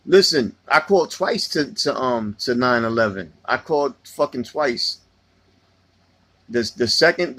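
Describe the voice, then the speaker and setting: A man's voice: mid-range voice, fairly bright tone, no echo. A man hosting a casual livestream, rambling and swearing freely as he tells stories and answers chat. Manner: loose, profane, rambling storytelling. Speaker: livestream host reading chat.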